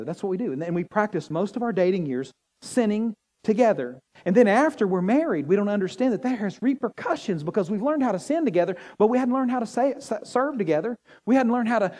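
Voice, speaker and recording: A man preaching a sermon as pastor, animated and joking with the congregation. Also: high voice. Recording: long hall reverb.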